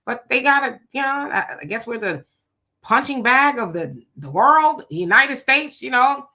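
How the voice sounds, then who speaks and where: Sex: woman. Role: livestream host. Style: casual chat, reading viewer comments. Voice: bright, forward. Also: high-pitched, expressive, moderate pace. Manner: chatty, conversational, greets viewers by name.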